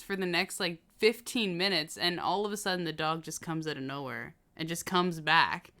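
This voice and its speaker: A woman's voice: lowish voice, normal speed, hardly any pauses, pushed and bright. A woman telling a story on a casual podcast, laughing often as she goes. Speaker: podcast co-host.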